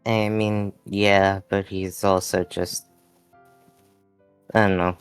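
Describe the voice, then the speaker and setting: A tabletop player speaking in character, hesitant and halting, often repeating words. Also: low voice, flat delivery, smooth, no room sound, faint music behind.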